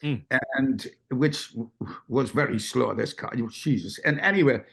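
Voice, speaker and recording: A man's voice: medium pitch, moderate pace, fairly bright tone. An older man, a guest telling rambling, self-deprecating racing stories in casual chat. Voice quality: gravelly.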